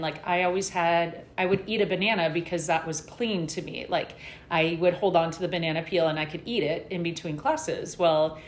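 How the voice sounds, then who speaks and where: A woman's voice: fairly low pitch, moderate pace, echoey room, slight background noise. A middle-aged woman guest talking candidly in a casual interview, rambling a little with fillers.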